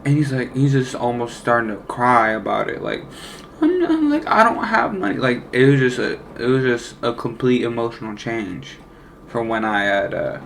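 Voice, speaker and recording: A young man tells a story from his own life, in loose casual speech. He rambles, swears freely and leans on slang fillers, at an ordinary middle pitch. A faint hum of noise sits under his voice. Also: fairly even intonation, moderate pace, gravelly, fairly bright tone. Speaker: former deli worker telling a story.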